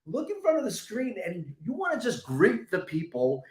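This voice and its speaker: A man guest leading a laughter yoga exercise, bursting into loud chanting laughs and shouted cheers. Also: high voice, huge pitch swings, moderate pace. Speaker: guest health coach. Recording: roomy echo.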